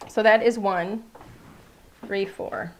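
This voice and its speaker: A woman's voice: mid-range voice, steady tone, takes it slowly, slight background noise. A woman hosting a live cardmaking class, chatting playfully as she narrates each step of her work. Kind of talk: live crafting demonstration.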